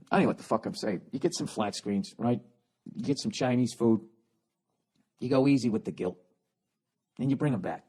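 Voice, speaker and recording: Guy ranting on his comedy podcast, swearing a ton, rambling off on tangents, middle pitch. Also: darkish tone, husky. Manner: profane, rambling, riffing. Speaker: podcast host. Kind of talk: comedic rant monologue.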